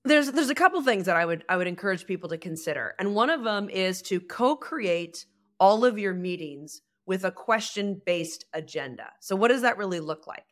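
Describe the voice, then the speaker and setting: A woman's voice: mid-range voice, moderate pace. A woman guest on a podcast, a communication coach speaking emphatically and acting out little dialogues. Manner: animated, emphatic, acts out dialogue. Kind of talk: podcast conversation.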